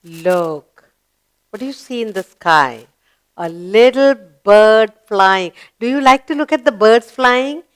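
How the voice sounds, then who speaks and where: A woman's voice: on the high side, clean tone. A woman teaching a children's grammar lesson, who asks questions and answers them herself in an encouraging teacher's voice. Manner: slow, encouraging, sing-song teacher voice.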